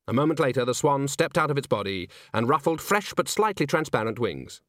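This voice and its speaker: A man narrating an audiobook with an expressive, varied delivery. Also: mid-range voice, normal speed, few pauses, dry recording, clean studio sound.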